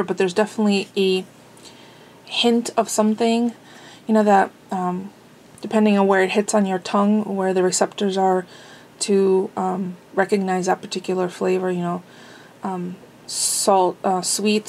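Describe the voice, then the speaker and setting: A woman talks through a relaxed daily vlog in her home kitchen, rambling from topic to topic with plenty of fillers and amused asides. Her pitch sits in a middling range. A faint hiss of noise runs under the recording. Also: measured pace, rough recording. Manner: cooking while talking. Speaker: vlogger. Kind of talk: casual chatty vlog.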